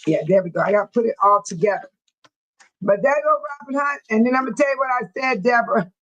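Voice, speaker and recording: Woman host, chatty and repetitive, talking to viewers live; voice sits a bit high. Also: fairly bright tone, dull audio. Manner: repetitive, chatty, quick to laugh. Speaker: livestream host. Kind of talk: casual live chat with viewers.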